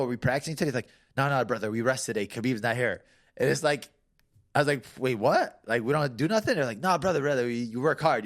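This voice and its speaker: A man, a fighter, telling casual stories as a guest, loose and full of fillers, laughing as he goes. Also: mid-range voice. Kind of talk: casual storytelling.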